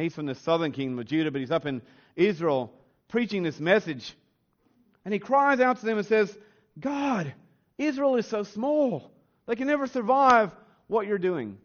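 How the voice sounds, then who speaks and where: A man preaching a sermon as a pastor, earnest, his voice rising in pitch and force on emphatic lines. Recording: slightly dull, lo-fi sound.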